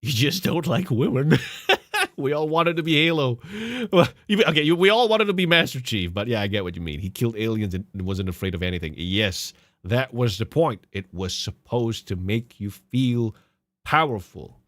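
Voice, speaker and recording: A man's voice: mid-range voice, normal speed, a bit bright, no room sound, clean studio sound. A man hosting a podcast and reacting to game clips in casual commentary, sarcastic and mocking, swearing and laughing often. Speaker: podcast host.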